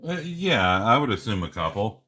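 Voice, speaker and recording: A man playing in a tabletop game, speaking in a laid-back, unhurried way. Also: fairly low pitch, big pitch swings, pushed and bright. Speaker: player.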